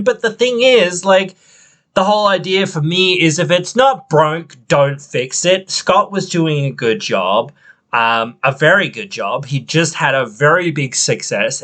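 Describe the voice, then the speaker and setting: A man's voice: a little high, pushed and bright. A man hosting a wrestling podcast, venting in a rambling, frustrated way. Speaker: podcast host. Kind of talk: casual opinion podcast.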